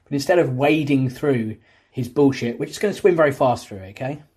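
A man's voice: medium pitch, expressive, a little fast, background noise. A man giving casual, sardonic video commentary with swearing and chatty asides, recorded on a cheap microphone. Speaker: YouTube commentator. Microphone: cheap microphone instead of his usual one.

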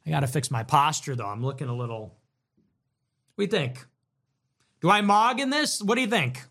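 Animated, high-voiced male streamer. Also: a little fast, gravelly. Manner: animated, sarcastic, provocative, jokey. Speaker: livestream host reading donations. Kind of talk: casual livestream commentary.

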